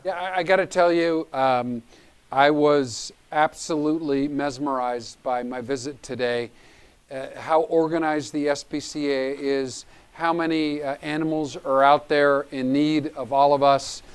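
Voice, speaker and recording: A man's voice: a little high, fairly even intonation, measured pace, clean tone. A man hosting a live charity auction, upbeat and urging people to bid. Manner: upbeat, pushes for bids. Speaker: gala auction host.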